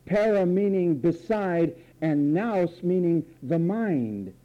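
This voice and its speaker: A man's voice: high-pitched, animated, slow, dark tone, muffled recording. A man preaching a sermon, theatrical, acting out voices and repeating phrases for effect.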